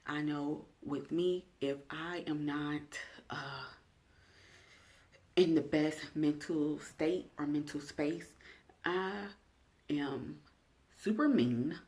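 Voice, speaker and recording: A woman's voice: low-pitched, slow, long pauses, a little mellow. A young adult woman vlogger talking straight to camera in a casual self-care check-in, chatty and direct, asking her viewers questions.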